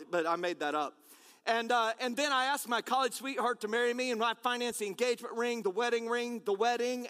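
Male preacher, very high bright voice, energetic sermon with jokes, big reverberant hall. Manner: energetic, repeated rallying calls; self-deprecating humor.

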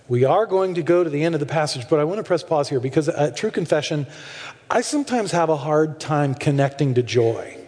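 A high-pitched man preaches with candid, animated storytelling and self-deprecating jokes. His voice carries through a large hall with a long reverb tail. He sounds relaxed and conversational. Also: brisk. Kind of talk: sermon.

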